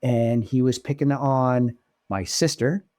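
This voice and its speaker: A man co-hosting a podcast, telling stories in casual chat and jumping up in pitch when he gets excited. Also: slow pace, no echo, studio quality. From Oregon. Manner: animated storyteller, pitch jumps when excited. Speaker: podcast co-host.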